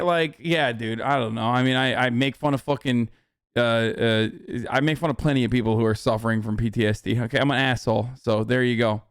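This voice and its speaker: A man's voice: mid-range voice, fairly even intonation, brisk, smooth, no echo, studio quality. A young man hosting a livestream, ranting in a casual, profane and argumentative way. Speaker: livestream host.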